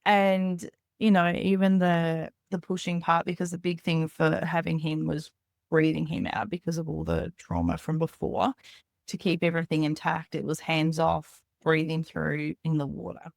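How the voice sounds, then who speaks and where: A woman's voice: low-pitched, moderate pace, vocal fry, a little mellow, no room sound. A woman in her thirties, a podcast guest, telling a personal story candidly in a rambling way with lots of "like".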